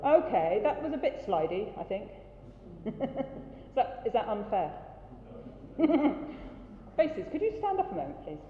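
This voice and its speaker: A woman leading a choir rehearsal, brisk and encouraging, breaking off to demonstrate vowels and sounds. Her voice rings through a large hall with a long reverb tail. The recording is dull and lo-fi, with faint ambience behind her. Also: on the high side, sing-song. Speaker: choir director. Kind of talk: rehearsal coaching.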